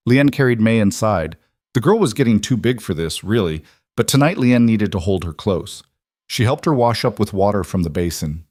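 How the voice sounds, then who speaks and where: A man narrating a western story in a steady, measured storytelling manner. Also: on the low side, no echo, studio quality. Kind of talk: scripted audiobook narration.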